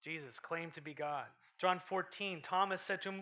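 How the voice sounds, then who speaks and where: Animated pastor, bright lo-fi sermon. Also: male voice, a little high, normal speed, few pauses. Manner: animated, reads scripture aloud with rising intensity, drops to quiet asides. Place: church. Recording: lo-fi sermon podcast recording.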